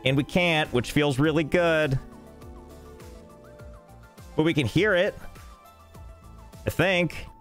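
A man's voice: on the high side, slow pace, pauses often, fairly bright tone. A man streaming a game, chatting casually and self-mockingly as he fights technical trouble. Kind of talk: casual live-stream chat. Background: faint game music.

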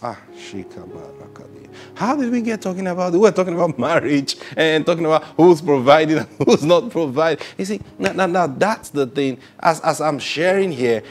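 A male pastor preaching a sermon, swinging between loud emphatic bursts and soft near-whispers. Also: on the high side, brisk, few pauses, soft background music.

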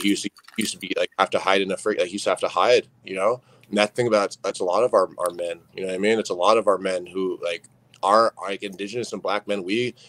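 With a low voice and poor audio, a young podcast guest recounts his story sincerely and openly, leaning on phrases such as "you know what I mean."

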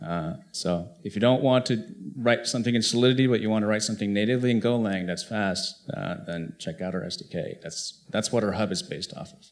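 Low-voiced man on a panel. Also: fairly quick, hardly any pauses. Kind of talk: conference panel discussion.

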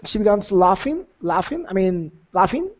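A man's voice: high-pitched, sing-song, moderate pace. A man teaching an English conversation class, encouraging and repetitive, laughing often.

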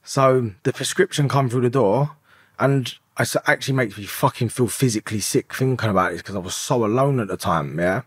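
A man's voice: mid-range voice, a little fast, a bit bright, husky, dry recording, studio quality. A man in his thirties, a podcast guest, telling his story in an emotional, rambling way and swearing often. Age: 30s. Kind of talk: candid confessional storytelling.

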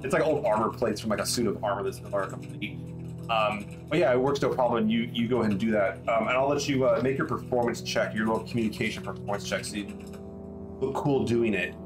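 A man's voice: lowish voice, fast talker, music in the background. A man narrating as game master in a rambling way, with lots of restarts. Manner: rambling, many fillers and restarts.

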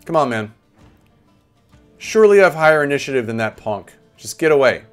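A man's voice: mid-range voice, brisk, faint music behind. A young man giving chatty live game commentary, talking to his chat as he plays. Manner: chatty, animated, talks to chat. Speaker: streamer.

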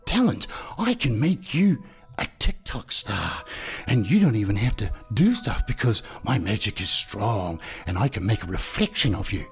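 A man's voice: lowish voice, big pitch swings, normal speed, soft background music. A man voicing a boastful, sly male magic mirror in a spoken horror fairy tale.

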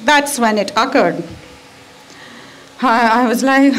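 A woman doing stand-up comedy on stage in front of a live audience, with deadpan delivery and crude punchlines. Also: a little high, slow, long pauses. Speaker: guest comedian.

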